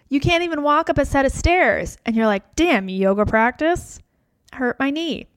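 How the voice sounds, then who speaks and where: A woman hosts a podcast in a loose, reflective monologue, often repeating a phrase several times to drive a point home. Her voice sits fairly high, and the sound is close and dry with no room around it. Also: no room sound. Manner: reflective and conversational, piling up repeated phrases for emphasis. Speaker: podcast host. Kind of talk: casual podcast monologue on yoga and wellness.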